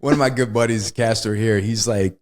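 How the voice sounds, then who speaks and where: Speaking at a normal speed in a lowish, steady voice, a male podcast co-host gives a casual movie review. He's enthusiastic and frequently breaks into laughter while telling stories.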